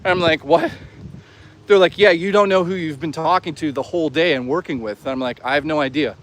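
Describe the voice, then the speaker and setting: A man's voice: fairly high pitch, a little fast, a little hiss or hum. A man live-streaming outdoors, chatting casually, swearing freely and reading out chat. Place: outdoors on an urban trail.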